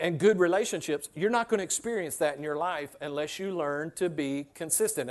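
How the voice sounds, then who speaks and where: High-voiced man preaching a sermon. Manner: conversational preaching, repeats key phrases, acts out everyday voices. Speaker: pastor. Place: church sanctuary with a congregation.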